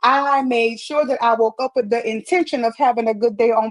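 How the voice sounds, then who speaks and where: Upbeat high-voiced woman live-streaming. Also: steady tone, fairly quick, few pauses. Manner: upbeat, encouraging, repeats phrases for emphasis. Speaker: live streamer answering viewer comments. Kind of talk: motivational live-stream chat. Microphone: wireless earpiece.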